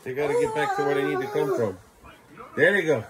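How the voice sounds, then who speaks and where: Exasperated dad, lively swooping voice. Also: male voice, on the high side, fairly quick, over a noisy crowd. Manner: exasperated, half-laughing. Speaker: father filming his kids. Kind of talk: casual home vlog. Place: family home.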